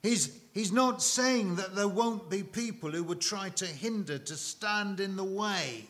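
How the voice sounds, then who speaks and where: A man preaching a sermon to a congregation, emphatic and dramatic, with long pauses and repeated phrases. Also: high-pitched, a bit bright.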